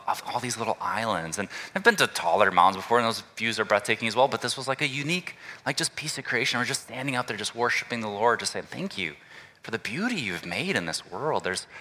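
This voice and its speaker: A male pastor preaching a relaxed, conversational sermon and inviting the congregation to call out answers. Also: fairly low pitch, long reverb tail. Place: church sanctuary.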